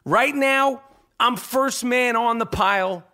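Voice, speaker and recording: A man's voice: very high voice, takes it slowly, pushed and bright. A man hosting a sports podcast and reading an ad, talking in a brash, profane, rambling way that keeps checking in with "okay?". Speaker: podcast host. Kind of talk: sports talk and host-read ad.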